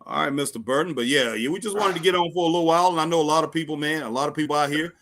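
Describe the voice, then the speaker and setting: A man co-hosts a casual wrestling talk stream. His voice is bright and forceful, his delivery easygoing and drawn out, and he keeps saying "man.". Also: on the high side, a little hiss or hum. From Southern United States. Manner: laid-back, drawn-out, says "man" often. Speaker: podcast co-host. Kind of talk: casual chat. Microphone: live stream.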